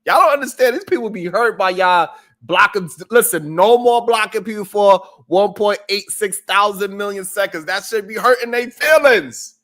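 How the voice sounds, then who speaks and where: A man's voice: high-pitched, moderate pace, bright, forceful tone. A man hosting a live-stream show, chatting casually with viewers in a loose, profane, joking way and laughing often.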